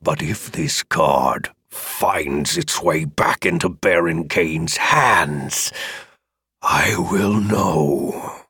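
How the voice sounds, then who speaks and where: A deep gravelly dragon. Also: male voice, bright, forceful tone, no room sound, clean studio sound, exaggerated voice. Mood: menacing. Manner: slow, drawn-out threats. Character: huge menacing male dragon, slow and amused. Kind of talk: audiobook character voice.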